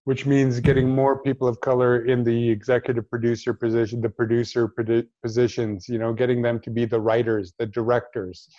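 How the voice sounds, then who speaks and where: A man's voice: mid-range voice, flat delivery, a little fast, few pauses, mellow, dry recording, lo-fi sound. A middle-aged man, an actor guest in a casual chat, speaking earnestly and bluntly.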